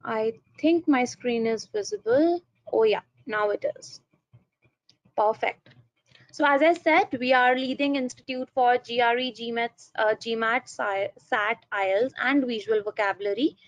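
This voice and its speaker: A woman's voice: a little high, normal speed, dry recording. Indian woman teaching an online seminar. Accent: Indian English. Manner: explanatory, repeats phrases while thinking. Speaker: English trainer. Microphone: computer mic on a video call. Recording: muffled video-call audio, dry.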